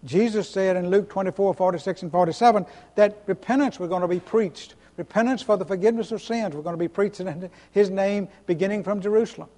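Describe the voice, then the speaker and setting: A male pastor with a high-pitched voice delivers a sermon in an earnest, emphatic way. He repeats key phrases and restarts his sentences. The sound carries the long reverb of a church hall. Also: brisk, hardly any pauses, mellow. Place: church sanctuary.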